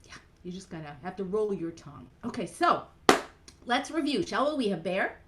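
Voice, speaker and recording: A woman's voice: mid-range voice, very animated, moderate pace, heavy background noise. A woman cantor leading a playful children's program over a video call, animatedly guiding kids through movements.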